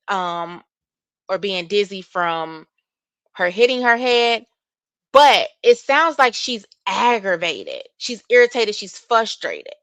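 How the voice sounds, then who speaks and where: Bright-voiced woman hosting livestream commentary. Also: mid-range voice, dry recording. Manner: reads text messages aloud and reacts with opinion; addresses viewers directly as y'all.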